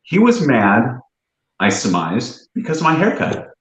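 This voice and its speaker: A man co-hosting a casual livestream, telling rambling, animated stories. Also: mid-range voice, a little slow, reverberant, poor audio. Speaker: real estate agent and livestream co-host.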